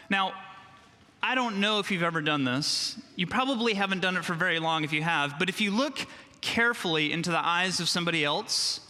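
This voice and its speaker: A male pastor giving a children's sermon in a church sanctuary, speaking slowly and emphatically and leading the congregation to repeat phrases after him. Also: high-pitched, sharp tone. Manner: slow, emphatic, leads call-and-response. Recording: long church reverb.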